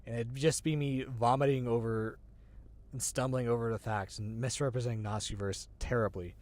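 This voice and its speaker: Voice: medium pitch, steady tone, moderate pace, darkish tone. An agender streamer rambling in casual livestream chat. They swear casually, laugh often and make fun of themselves. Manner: self-deprecating, restarts sentences. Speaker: streamer, show host.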